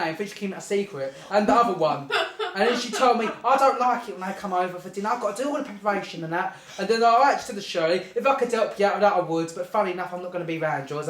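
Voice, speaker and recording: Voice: medium pitch, quick pace, fairly bright tone. A speaker telling a rambling comic anecdote, giggling through it and often saying "anyway". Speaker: storyteller. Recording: echoey room.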